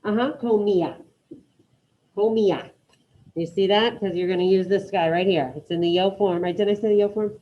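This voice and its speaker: A woman's voice: on the low side, steady tone, fast talker, hardly any pauses, lo-fi sound. A woman teaching an online Spanish class, encouraging her students and calling on them by name.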